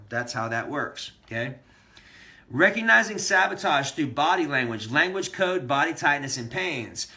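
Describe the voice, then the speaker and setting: Man, bright and punchy, motivational coach streaming live to his viewers. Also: mid-range voice. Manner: energetic and motivational, addresses viewers directly. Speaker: self-help coach. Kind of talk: live-streamed training talk.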